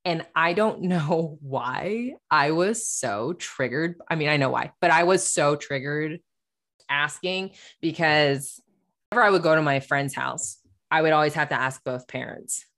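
A woman with a deep, low voice chats casually with a friend on a podcast. She talks candidly and laughs often, swearing freely as she goes. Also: measured pace, fairly bright tone. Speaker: podcast co-host. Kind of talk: casual chat.

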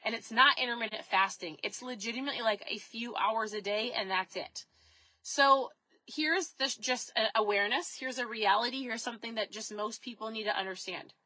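Woman, 30s, vlogger, chatty, upbeat, bright voice, dry close sound. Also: fairly high pitch, normal speed, no room sound, poor audio. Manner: chatty and upbeat, asks the viewers questions. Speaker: keto lifestyle vlogger. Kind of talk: casual direct-to-camera talk.

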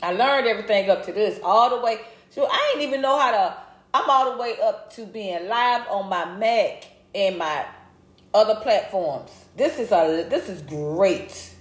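A middle-aged woman hosting a livestream, chatting casually and greeting viewers by name with a lively, laughing manner. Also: mid-range voice, normal speed. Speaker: livestream host. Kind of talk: casual live chat reading comments. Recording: roomy echo.

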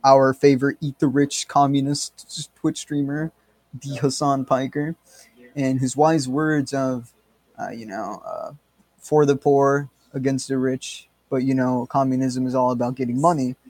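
A man's voice: mid-range voice, fairly even intonation, unhurried, a little mellow, no room sound. A man co-hosting a podcast, rambling and joking in casual banter, swearing freely. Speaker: podcast co-host.

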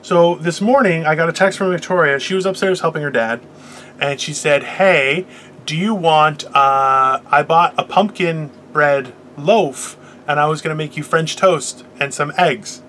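A middle-aged man hosting a casual chat, telling stories in an animated, profane way. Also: fairly high pitch, measured pace, slight background noise. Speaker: podcast host.

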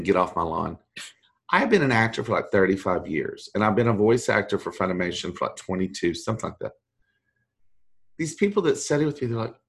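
A middle-aged man, a voice actor, chatting as an interview guest and telling animated, self-deprecating stories with mimicked voices. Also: lowish voice, slightly rough. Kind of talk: casual interview chat.

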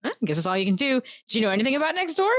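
A woman's voice: fairly high pitch, sing-song, racing, no echo, studio quality. A woman playing a character in a tabletop game, blunt and playful. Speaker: player.

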